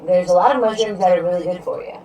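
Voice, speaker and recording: Talking fast in a fairly low, dark voice, a woman streams live and chats loosely with her audience, wandering across topics and saying "you know" a lot. The audio is dull, from a distant mic with faint noise behind it.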